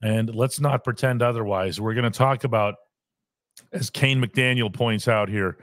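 Wry sports talk host, dry sound. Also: male voice, mid-range voice, fairly bright tone, no room sound. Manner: measured, wry, explanatory.

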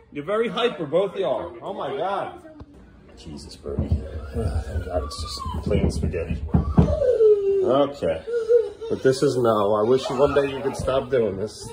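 A man filming his kids at home for a vlog, laughing at them and scolding them in turn. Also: medium pitch. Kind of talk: casual home vlog narration.

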